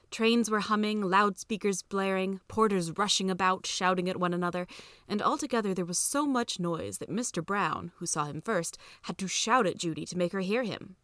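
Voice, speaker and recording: A woman hosting and reading a children's storybook aloud in steady scripted narration. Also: lowish voice, fairly quick, no room sound, clean studio sound. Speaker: podcast reader.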